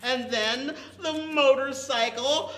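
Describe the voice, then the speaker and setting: A man's voice: very high voice, slow, reverberant, heavy background noise. A man leading a toddler storytime, telling a story with playful animal and vehicle noises. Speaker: children's librarian. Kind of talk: toddler storytime with sound effects.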